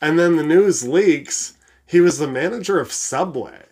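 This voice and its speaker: Podcast host, mid pitch, swears a lot and laughs telling gym stories. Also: measured pace, darkish tone, slightly rough. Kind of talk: casual chat.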